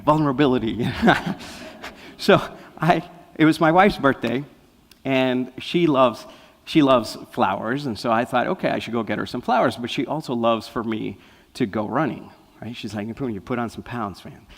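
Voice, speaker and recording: A man giving an inspirational talk as a guest speaker, telling lively stories and often checking in with "right?". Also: medium pitch, normal speed. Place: spiritual center hall. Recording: long reverb of a large hall.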